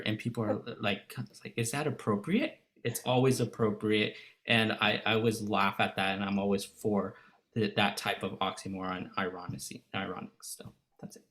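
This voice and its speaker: A man's voice: on the low side, a bit bright. A man giving an impromptu answer on a video call, earnest and hesitant with many fillers.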